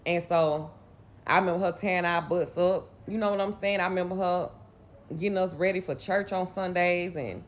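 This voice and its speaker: A woman's voice: lowish voice, fairly even intonation, normal speed. Candid Southern woman telling her story. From Mississippi, US. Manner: candid, rambling, conversational. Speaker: vlogger. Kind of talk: personal storytelling.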